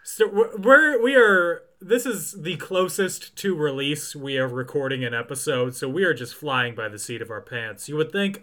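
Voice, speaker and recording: A man hosting a podcast, reading out film facts with dry jokes in between. His voice is fairly high and very bright, with a forceful edge. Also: normal speed, few pauses. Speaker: podcast host. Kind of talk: casual chat with read-out film facts.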